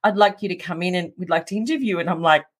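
Animated woman telling a story. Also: lowish voice, quick pace, breathy edge. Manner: animated, laughs often, acts out quotes. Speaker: guest. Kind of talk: casual storytelling interview.

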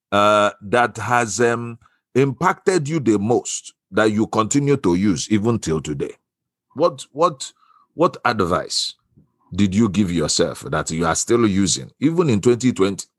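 A man's voice: fairly low pitch, slightly rough, no room sound, clean studio sound. A man hosting a podcast, jokey and teasing as he runs the chat. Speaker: podcast host. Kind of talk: casual interview talk.

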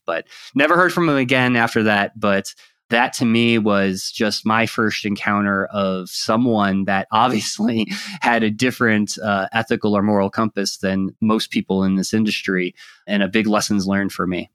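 A man with a fairly low voice recounts a story from his work as a team leader, earnest and reflective. His voice sits close and dry, with hardly any room around it. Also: normal speed, fairly bright tone, smooth, no room sound. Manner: earnest, reflective anecdote-telling. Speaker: guest, security team leader. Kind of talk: conversational storytelling.

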